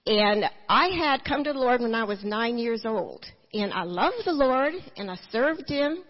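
A woman tells her personal story of faith to a church gathering, earnest and full of restarts. Her voice sits a little high and sounds husky. The recording is dull and muffled. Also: animated, a little slow, in a large hall. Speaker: testimony speaker.

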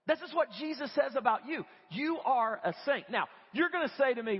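Animated man preaching in a reverberant church. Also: very high-pitched, a little fast, breathy edge. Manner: animated, conversational, acts out quoted voices. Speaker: guest preacher. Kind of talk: sermon. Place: church sanctuary. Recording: dull lo-fi audio with long church reverb.

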